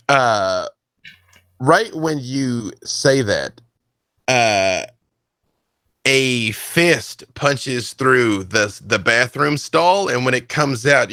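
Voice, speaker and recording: A man running a tabletop role-playing game as game master, narrating the scene with lively storytelling. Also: mid-range voice, no echo.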